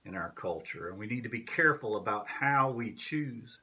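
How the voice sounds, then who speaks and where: A man who is a minister, preaching a sermon in a slow, measured way with long pauses. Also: lowish voice, lively intonation, pushed and bright. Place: church sanctuary.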